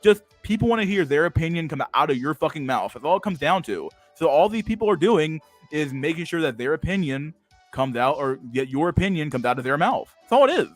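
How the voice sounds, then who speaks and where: A man's voice: on the high side, expressive, a little fast, faint music behind. A man streaming a casual rant and reacting to chat, cursing freely, laughing often and stumbling over repeated words. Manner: profane, stammering repetitions, frequent laughter.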